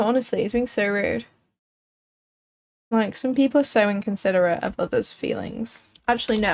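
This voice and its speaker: A woman hosting a live trading stream, chatting casually and thinking aloud with frequent filler words. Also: mid-range voice. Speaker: livestream trading host.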